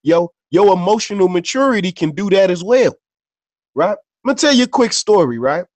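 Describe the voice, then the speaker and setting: A man with a somewhat high voice talks loosely on a podcast, spinning stories in street slang. He swears freely and leans on filler tags after nearly every phrase. The recording is dry and close, with no room sound. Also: animated, moderate pace, no room sound. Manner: loose, conversational storyteller. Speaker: podcast co-host. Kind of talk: casual unscripted chat and storytelling.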